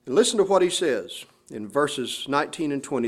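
A male pastor delivers an expository sermon in a church, his voice sitting a little on the high side. He reads scripture with deliberate emphasis and then explains it plainly to the congregation. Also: very animated.

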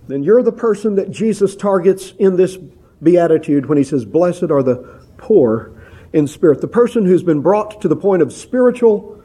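Guy preaching in church, really dark mellow voice, bit husky, earnest and measured. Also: fairly high pitch. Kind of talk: sermon.

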